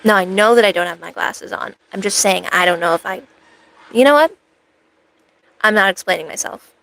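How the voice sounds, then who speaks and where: A woman streamer talks casually to her live chat, wandering from one thought to the next and poking fun at herself. Her middle-pitched voice carries a gravelly fry. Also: steady tone, fast, sharp tone, low-quality recording. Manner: rambling, playful, self-mocking asides. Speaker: cosplay streamer.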